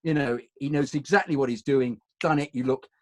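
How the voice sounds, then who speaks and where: A man's voice: medium pitch, fairly even intonation, fairly quick, darkish tone, dry recording. Posh-spoken English man, dry close sound. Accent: upper-class English. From England. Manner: anecdotal, digressive. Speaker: actor, guest. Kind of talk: conversational reminiscing.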